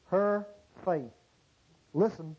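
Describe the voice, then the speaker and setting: A man preaching a sermon to a congregation, swinging from low murmurs to loud exclamations and drawing out key words. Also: slightly rough, muffled recording. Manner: drawn-out stressed words. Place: church service before a congregation.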